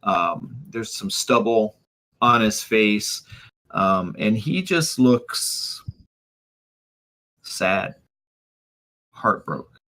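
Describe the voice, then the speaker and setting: A man narrating as game master of a tabletop game, hesitant with many pauses. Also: fairly low pitch, animated, pushed and bright, low-quality recording. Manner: hesitant, full of ums.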